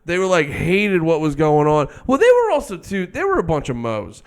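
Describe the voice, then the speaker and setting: A man's voice: on the high side, huge pitch swings, normal speed. A man co-hosting a podcast in casual chat, laughing often and rambling through profane asides. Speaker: podcast co-host.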